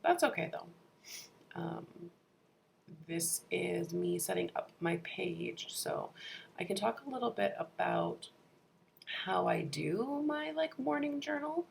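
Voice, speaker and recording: A woman talking through a vlog voice-over while sick, her voice worn and husky, chatty with plenty of fillers. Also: lowish voice, lively intonation, unhurried, slight background noise. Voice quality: gravelly. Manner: chatty, laughs often, many fillers. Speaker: vlogger.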